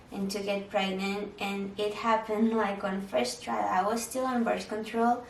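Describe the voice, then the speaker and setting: A young adult woman with a mid-range voice chats candidly to camera, answering viewer questions about motherhood and marriage and using "like" as a frequent filler. The rough recording sounds roomy, with a distant mic and slight background noise.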